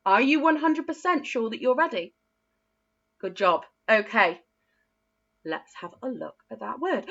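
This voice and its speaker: A woman teaching a phonics lesson to young children, encouraging and sing-song, sounding out letters slowly and praising often. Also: a little high, sing-song, a bit bright, lo-fi sound. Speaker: primary school teacher.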